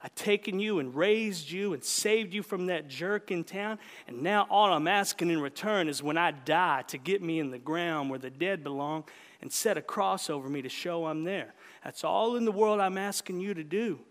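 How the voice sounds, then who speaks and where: A stern old backwoods great-uncle with a gravelly voice hollers his insistent demands, as a man reading a story puts him on. His voice sits high and carries through a hall with a long, lingering reverb. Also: moderate pace, fairly bright tone.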